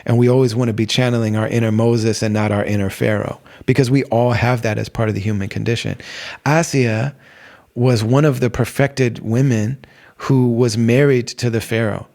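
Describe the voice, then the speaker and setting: A man's voice: medium pitch, fairly even intonation, moderate pace, gravelly, a little mellow. A middle-aged man hosting a podcast, talking casually about faith and wandering off with lots of fillers and restarts. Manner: rambling, many fillers and restarts. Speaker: podcast host. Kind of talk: casual religious talk.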